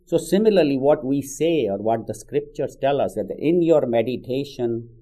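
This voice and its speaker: A spiritual teacher gives a sermon built around storytelling, talking in a conversational way and dropping in frequent "you know" asides. His voice is medium-pitched and warm, with lively intonation and a moderate pace. The recording quality is low.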